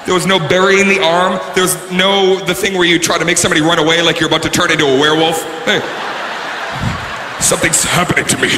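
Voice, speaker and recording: Male stand-up, fairly high, lively delivery with shouted bursts, live stage recording. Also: very fast, few pauses. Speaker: stand-up comedian. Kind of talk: stand-up comedy set. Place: comedy stage before an audience. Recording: live show recording, reverberant hall, faint room noise.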